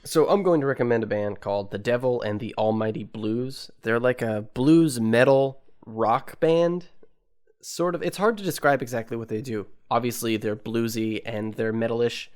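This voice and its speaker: A man's voice: medium pitch, normal speed, darkish tone, smooth. Young guy cohosting a podcast, chill and jokey, explains stuff at length. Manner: laid-back, joking, explains things at length. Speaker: podcast co-host. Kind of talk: casual chat.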